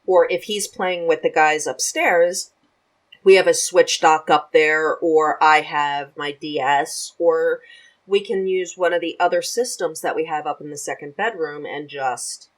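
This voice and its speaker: A chatty woman with a notably low voice talks casually as a podcast guest. She is animated and laughs easily as she goes. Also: measured pace, poor audio. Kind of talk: casual chat.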